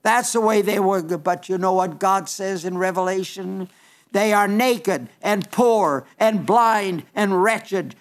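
Male preacher, high voice, earnest and emphatic sermon delivery, frequent restarts. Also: slow pace.

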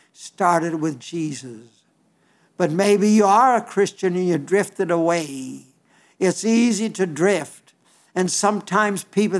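An older man preaching a sermon in an earnest, folksy way, often repeating and restarting his phrases. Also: fairly high pitch.

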